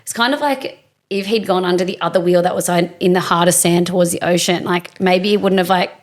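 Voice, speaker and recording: A woman's voice: on the low side, fairly even intonation, brisk. A woman co-hosting a podcast, telling a story in casual chat, acting out quotes with many fillers. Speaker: podcast co-host.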